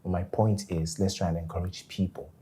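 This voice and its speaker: An actor with a Nigerian accent in his thirties playing a calm, kindly company boss and elder brother. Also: low-pitched, fairly quick, a little hiss or hum, close to an everyday voice. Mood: reasoning. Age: 30s. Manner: easygoing, reassuring.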